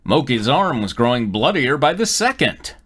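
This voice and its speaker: A man's voice: mid-range voice, moderate pace, husky. A man hosting a live stream, reading fanfiction aloud with jokes and frequent laughter. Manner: joking, laughs often, lively reading.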